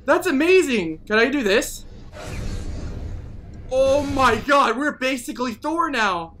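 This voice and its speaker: A male gaming host giving live gameplay commentary, excitable, whooping and playfully taunting opponents. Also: extremely high pitch, slow pace, pauses often, slight background noise.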